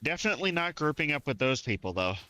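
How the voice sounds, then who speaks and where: A man streaming live gameplay and talking it through as he plays. His pitch rises and falls freely, and his tone is bright and forward. He chats casually and reacts aloud to what happens on screen. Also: fast, dry recording. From southern United States. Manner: chatty, animated, reacts aloud to the game.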